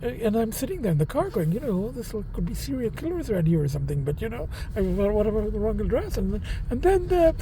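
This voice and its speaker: A man's voice: high voice, very animated, fast, hardly any pauses, noisy background. A man in a casual vlog telling a rambling story with swearing, talking into a handheld camera near his car on rural roads. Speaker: vlogger.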